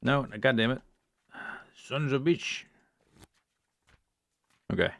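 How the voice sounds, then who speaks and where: A man's voice: medium pitch, expressive, takes it slowly, vocal fry, a bit bright, dry recording. A man streaming a puzzle game, thinking aloud and muttering to himself in casual commentary. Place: home streaming setup.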